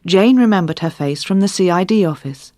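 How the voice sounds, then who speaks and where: Female narrator for a learners' crime story, lower voice, steady and clear delivery. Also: brisk, no echo, clean studio sound. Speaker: audiobook narrator. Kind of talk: scripted narration.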